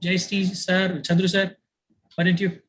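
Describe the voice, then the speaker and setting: A man's voice: high-pitched, monotone, unhurried, a bit bright, a little hiss or hum, low-quality recording. A man teaching an online yoga class who repeats his key phrases, uses many fillers and calls on his students by name.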